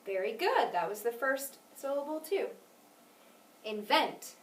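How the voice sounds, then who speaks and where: A woman teaching a phonics lesson, patient and clear, stressing syllables carefully and encouraging her student. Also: sits high, very animated, normal speed, recorded from a distance. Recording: echoey room, voice from off mic.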